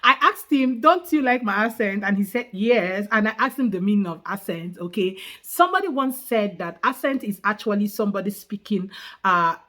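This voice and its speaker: A woman's voice: mid-range voice, expressive, brisk, pushed and bright. A Nigerian woman with a Nigerian accent hosting her own channel, talking casually to camera and often checking in with "okay?". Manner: chatty, repeats "okay?" often. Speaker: YouTube host. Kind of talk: casual vlog talk to camera.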